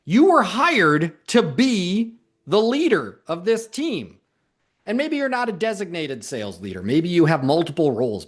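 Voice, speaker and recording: A man giving a direct, emphatic coaching talk as a sales coach, speaking straight to his listeners. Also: a little high. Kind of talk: motivational talk to camera.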